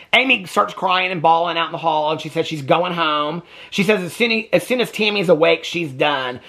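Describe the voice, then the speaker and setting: A man casually recapping a reality TV episode for his vlog, chatty and animated, acting out the quoted lines as he goes. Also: on the high side. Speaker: TV reaction vlogger.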